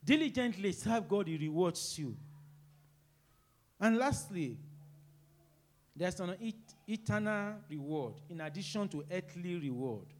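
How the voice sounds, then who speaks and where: A middle-aged man preaches a sermon in a fairly high voice. He pushes key lines out loud and emphatic, then drops into quiet, low asides. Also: lively intonation, measured pace, pauses often. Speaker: pastor.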